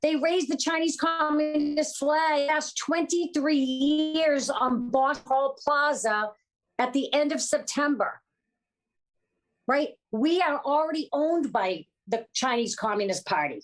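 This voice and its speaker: A woman's voice: high-pitched, measured pace. A woman guest on a political talk show, talking emphatically and repeating her points.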